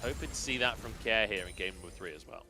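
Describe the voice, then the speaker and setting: A man casting a live esports match, giving analysis with lively, laughing banter. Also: fairly low pitch, fast talker. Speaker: esports caster. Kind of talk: live color commentary.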